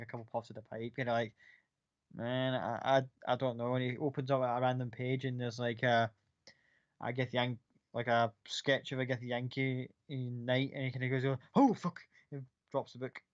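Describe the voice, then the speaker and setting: A man's voice: medium pitch, flat delivery, a little fast, clear, resonant tone. A man narrating a tabletop game as game master, in a casual way full of fillers and swearing. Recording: dull lo-fi sound.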